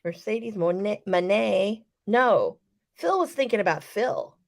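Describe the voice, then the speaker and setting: A woman's voice: medium pitch, animated, takes it slowly, gravelly. A woman in casual podcast chat, telling a story with profanity and acting out the quotes. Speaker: wrestling podcast co-host.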